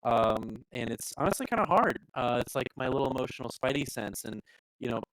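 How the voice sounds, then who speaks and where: Young male co-host, playful and self-mocking, mid pitch, dry close mic. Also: lively intonation, brisk, fairly bright tone, no echo, low-quality recording. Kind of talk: casual live-stream chat.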